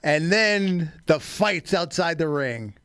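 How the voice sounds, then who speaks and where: A man's voice: a little high, animated, takes it slowly, fairly bright tone, clean tone, no room sound, studio quality. A man co-hosting a wrestling podcast, talking through storylines analytically and steering the chat. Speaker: podcast co-host.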